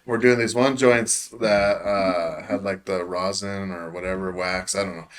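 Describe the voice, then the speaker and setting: Male podcast co-host, relaxed storyteller, heavy cursing, laughs along. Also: sits low, unhurried. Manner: laid-back storyteller, swears a lot, laughs while telling. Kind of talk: casual podcast chat.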